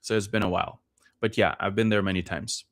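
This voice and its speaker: A man who grew up in Norway, explaining things patiently in a casual podcast conversation, with frequent pauses and fillers. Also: on the low side, steady tone, a bit bright. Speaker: podcast guest.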